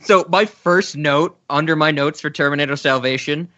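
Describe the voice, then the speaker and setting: A man chatting casually as a film podcast co-host, with a bright, forceful tone and a voice a little high for a man. He laughs often and wanders into asides. The audio is slightly dull. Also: moderate pace.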